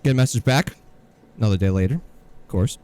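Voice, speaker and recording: A man's voice: fairly low pitch, expressive, fairly quick, darkish tone, smooth. A man co-hosting a podcast, telling a story in an exasperated, sarcastic rant. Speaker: podcast co-host. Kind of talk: casual ranting podcast chat.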